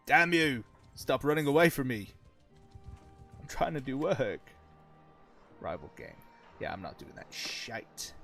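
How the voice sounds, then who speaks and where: A man giving casual, chatty commentary over his own gameplay, swearing freely and laughing often as he talks to his viewers. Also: mid-range voice. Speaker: gaming channel host.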